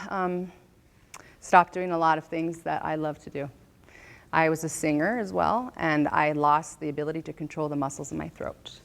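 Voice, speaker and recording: A woman in her thirties speaks to a live audience about her own life. Her voice sits on the lower side, and she talks earnestly, often repeating a phrase for weight. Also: gravelly, fairly bright tone. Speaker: author and speaker.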